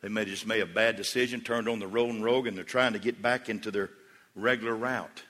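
A man preaching a sermon as pastor, moving between hushed storytelling and loud, emphatic calls to the congregation. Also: lowish voice, steady tone, fast. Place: church sanctuary. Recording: long hall reverb.

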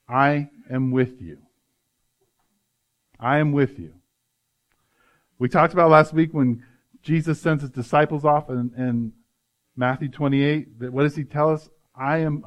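A man's voice: fairly high pitch, normal speed. A male pastor giving an earnest, conversational sermon, often adding "right?" to his points.

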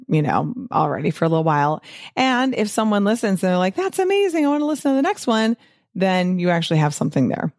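A middle-aged woman hosting her own podcast, talking in a chatty, upbeat way with quick asides and frequent laughs. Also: deep voice, darkish tone, dry recording, clean studio sound. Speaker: podcast host, physician and weight-loss coach. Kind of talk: casual solo podcast talk.

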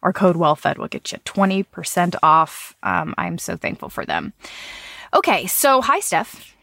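A woman's voice: lowish voice, big pitch swings, measured pace, vocal fry, a bit bright, no room sound. Thirties woman podcast host, kinda nasal from a cold, chatty, dry close mic. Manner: chatty, with fillers and light laughs. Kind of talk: casual podcast chat with a sponsor read.

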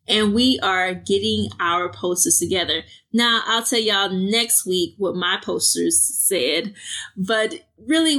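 A woman's voice: mid-range voice, a bit bright. A woman hosting a podcast who chats casually, addresses her listeners directly, and reads her own short fiction aloud. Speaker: podcast host. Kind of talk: casual chat and story reading.

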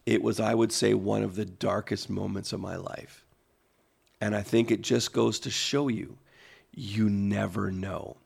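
Gravelly husky man telling a story. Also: on the low side, steady tone, a little mellow. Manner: slow, pausing storyteller, repeats phrases. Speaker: podcast co-host. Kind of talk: emotional personal storytelling. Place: podcast studio.

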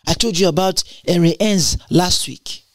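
A preacher delivering a sermon, emphatic and repetitive, with big leaps up and down in pitch and bursts of tongues. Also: normal speed, no room sound, studio quality.

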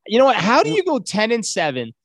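A man with a high voice swoops up and down as he pushes his points, exclaiming in casual chat. The sound is dry and close to the mic. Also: fast talker, no echo. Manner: animated, exclaiming sports takes. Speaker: sports podcast co-host.

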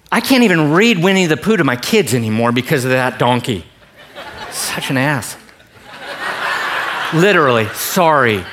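Animated joking preacher man. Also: fairly high pitch. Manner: animated, joking, swings between quiet emphasis and loud bursts. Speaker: pastor. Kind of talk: sermon.

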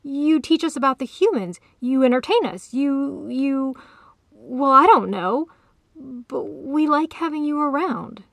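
A proud but flustered male lion, played by a woman reading a storybook. He talks loudly and insistently, in a slightly high voice with gravel in it, recorded dry. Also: expressive, measured pace, dry recording, exaggerated voice.

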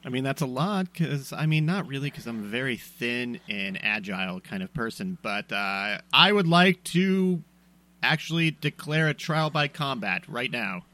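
A man at a tabletop game, speaking for his character in quick, wheedling salesman patter. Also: mid-range voice, expressive, pushed and bright. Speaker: player.

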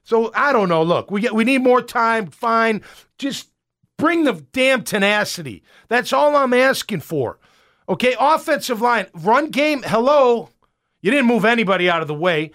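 A man's voice: extremely high pitch, very animated, moderate pace, a bit bright, dry recording, studio quality. A man hosting a sports talk show, giving fired-up, emphatic, rambling opinions.

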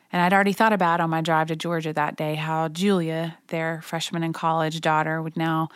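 Low-voiced woman telling a personal story. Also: smooth, no room sound, studio quality. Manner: quiet, reverent, gentle reflective delivery. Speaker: narrator reading her own memoir.

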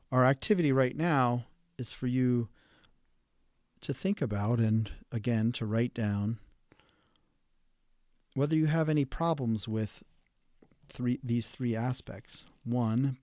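A man, a therapist hosting a podcast, giving an instructional talk in a measured, halting way with fillers and restarts. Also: medium pitch, warm tone, no echo, clean studio sound.

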